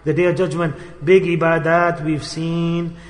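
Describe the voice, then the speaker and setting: A man preaching a sermon in a storytelling style, moving between loud emphasis and quiet asides. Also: fairly high pitch, flat delivery, a little slow. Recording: long hall reverb.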